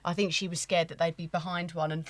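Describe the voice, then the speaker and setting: A woman's voice: lowish voice, little pitch movement, quick pace, no room sound. A woman co-hosting a podcast, chatting casually with playful quips and interruptions. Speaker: podcast co-host. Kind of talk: casual chat.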